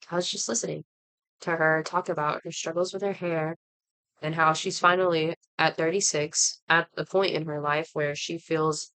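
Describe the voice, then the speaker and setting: A woman vlogger with a deep, fairly bright voice sounds congested from a cold as she does her makeup. In casual chat she rambles through a heartfelt story, using lots of fillers.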